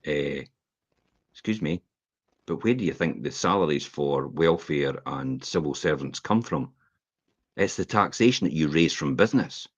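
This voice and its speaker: Animated, opinionated Scottish man, husky voice. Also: a bass voice, normal speed, no room sound. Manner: opinionated, animated, laughs while ranting. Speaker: podcast host. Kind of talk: casual podcast chat. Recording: dull lo-fi podcast audio.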